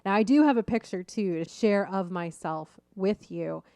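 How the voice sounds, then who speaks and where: A middle-aged woman hosting a podcast, telling a personal story in a lively, self-deprecating way and laughing at herself. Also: mid-range voice, normal speed, smooth, dry recording, clean studio sound. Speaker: podcast host.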